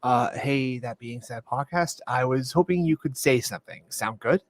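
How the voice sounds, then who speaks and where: Deadpan man's voice message. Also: medium pitch, moderate pace. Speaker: listener sending a voice message. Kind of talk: recorded voice message.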